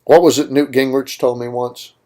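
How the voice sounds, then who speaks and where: A man's voice: mid-range voice, little pitch movement, normal speed, warm tone. Emphatic opinionated man hosting talk radio. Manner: opinionated, emphatic, rhetorical questions. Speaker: radio show host. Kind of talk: political talk radio monologue.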